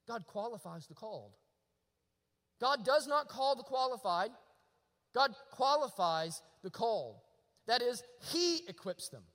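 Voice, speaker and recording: A man preaching in a church, his voice pitched very high with a bright, forceful edge. He drives his points home by repeating them. The sound rings with the long reverb of a large hall. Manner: impassioned, repeats lines for emphasis. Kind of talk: sermon. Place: church sanctuary.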